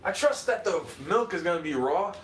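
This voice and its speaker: A man's voice: sits high, lively intonation, normal speed, recorded from a distance, a little hiss or hum. A man with a New York accent, ranting and swearing on a livestream in a combative monologue. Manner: combative, swearing, jumps between muttering and shouting. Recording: roomy, off-mic, faint ambience.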